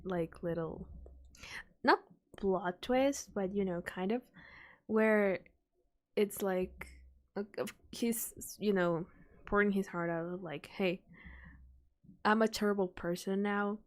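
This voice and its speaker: A young woman streaming a casual reaction chat, rambling with many fillers and soft sighs. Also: medium pitch, slow pace, long pauses.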